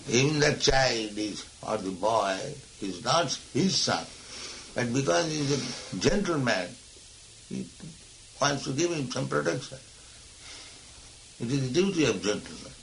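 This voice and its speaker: A man's voice: medium pitch, expressive, a little slow, vocal fry, long pauses, a little hiss or hum, poor audio. A man, a spiritual teacher speaking emphatically and admonishingly in a philosophical discussion.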